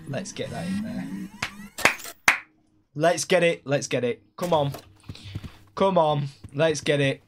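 A man streaming a game live, chatting along and breaking into excited shouts. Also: medium pitch. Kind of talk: live gameplay commentary. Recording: steady background noise.

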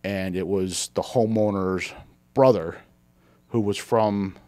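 A man's voice: low voice, slow pace. A man hosting a casual podcast chat, telling rambling anecdotes and acting out quoted people. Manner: rambling storyteller, animated quoting. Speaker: podcast host.

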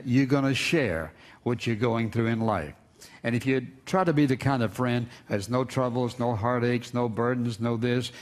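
An older man preaching a sermon, earnest and repeating words for emphasis. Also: medium pitch. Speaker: pastor.

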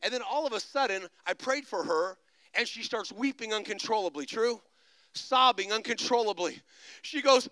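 A man preaching a sermon, moving between quiet storytelling and loud, shouted exhortation. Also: very high-pitched, moderate pace, no room sound, poor audio. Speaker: pastor. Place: large church stage.

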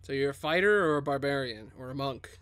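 A man's voice: mid-range voice, expressive, fast, fairly bright tone, clean tone, dry recording, clean studio sound. A man playing a tabletop game, talking in a playful, joking way. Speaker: player. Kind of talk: casual tabletop game play.

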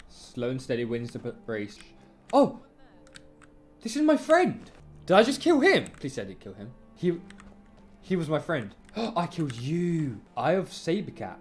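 Wildly swooping, jumpy gamer. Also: mid-range voice. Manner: excitable, jumpy, taunts enemies in the game. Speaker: gaming streamer. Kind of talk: let's play commentary.

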